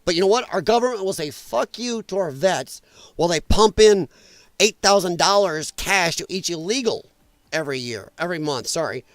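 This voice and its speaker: A middle-aged man hosts a political livestream from home, his voice sitting high for a man. He rants angrily and emphatically, peppering every point with profanity. The sound is dry and close, with no room around it. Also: animated, moderate pace, no room sound. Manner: angry, profane, emphatic ranting. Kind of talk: casual ranting livestream commentary.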